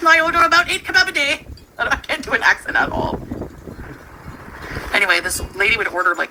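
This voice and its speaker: A woman's voice: lowish voice, gravelly, bright, forceful tone, slight background noise, poor audio. A woman hosting a casual livestream, chatting in a rambling, giggly way and often trailing off mid-sentence. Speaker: livestream host.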